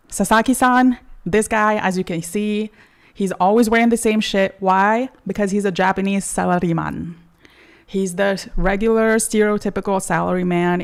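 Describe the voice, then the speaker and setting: A woman's voice: mid-range voice, vocal fry. A woman hosting a casual commentary video, chatty and slangy, full of fillers and asides. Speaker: video essay host.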